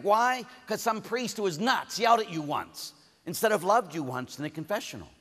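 A man, a priest, giving a conference sermon and telling stories lively, acting out the people he quotes. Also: a little high. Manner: animated storytelling, acts out the people he quotes. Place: large conference hall. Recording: hall reverb from a venue PA.

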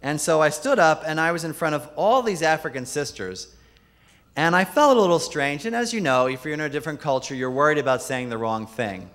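Jesuit priest giving a humorous keynote. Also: male voice, fairly quick, fairly bright tone. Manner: anecdotal, quotes others in lowered voice for punchlines. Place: large conference hall. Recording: long hall reverb.

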